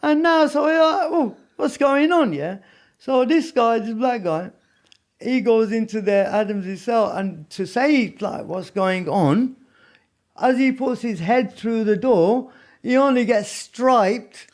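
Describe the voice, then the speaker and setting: A man's voice: very high voice, lively intonation, slow pace, a little mellow. A man telling prison stories in a casual interview, rambling with lots of "you know what I mean". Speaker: podcast guest.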